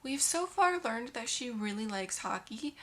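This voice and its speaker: Young woman, casual wry film reviewer, slightly high pitch. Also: animated, unhurried. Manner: sarcastic asides. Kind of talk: casual film recap and critique.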